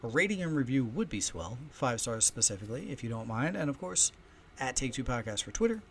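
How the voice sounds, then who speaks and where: A man hosting a casual solo podcast from home, chatty and storytelling, with loudness that swings often. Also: mid-range voice, big pitch swings, fairly quick, slight background noise. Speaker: podcast host. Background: faint ambience of heating and kids upstairs.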